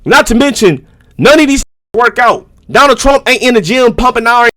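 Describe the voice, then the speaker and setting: High-voiced man streaming casual reactions. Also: lively intonation, moderate pace, sharp tone. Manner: loose, slangy and profane, with frequent rhetorical asides.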